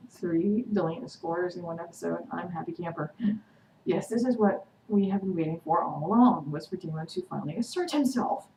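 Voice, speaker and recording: A woman vlogger chatting through a TV episode recap, excitedly acting out the characters' quotes. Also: on the low side, a little fast. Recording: echoey room, distant mic, noisy.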